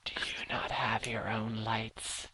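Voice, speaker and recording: A man's voice: lowish voice, monotone, bright, forceful tone, rough recording. A man whispering as eerie luring fog voices, whispered role-play. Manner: coaxing, slow, breathy whisper.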